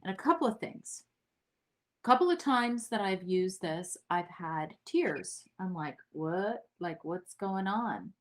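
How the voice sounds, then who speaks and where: A woman's voice: mid-range voice, expressive, slow pace. A woman hosting a podcast, talking in a personal, chatty way and laughing easily. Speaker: podcast host. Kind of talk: casual interview chat.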